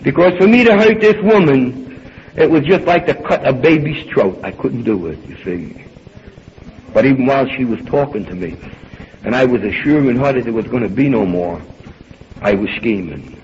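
An older man at a recovery meeting, telling his own story in an animated way and acting out the dialogue. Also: medium pitch, normal speed. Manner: animated storyteller, acts out dialogue, swings between loud and hushed. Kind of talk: personal storytelling talk. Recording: dull lo-fi recording with faint hiss.

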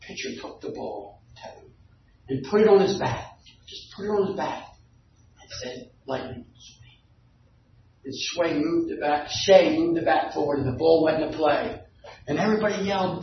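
Recorded from across an echoing meeting room on a muffled, distant mic with faint room hum, a man with a high voice shares a lively story with his recovery group. He speaks at normal speed and builds to shouting at the peak.

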